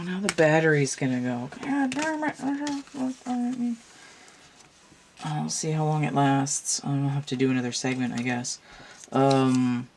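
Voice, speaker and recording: A tired woman yawns as she reads tarot cards to a camera at home, musing aloud and wandering off track with restarts in a casual monologue. She has a bass voice with a slightly mellow quality, and there's a little hiss or hum in the background.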